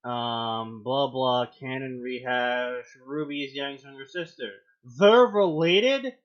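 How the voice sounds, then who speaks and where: A man hosting a fanfiction reading show, reading aloud with mocking commentary and acting out quoted lines in loud, high outbursts. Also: little pitch movement, slow pace, highs cut off.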